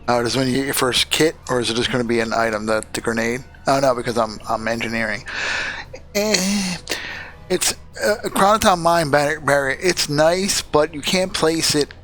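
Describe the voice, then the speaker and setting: A man's voice: medium pitch, fairly bright tone. A man giving rambling, jokey commentary while streaming a video game. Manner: rambling, chatty, jokey asides. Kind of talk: casual let's-play commentary. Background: game music.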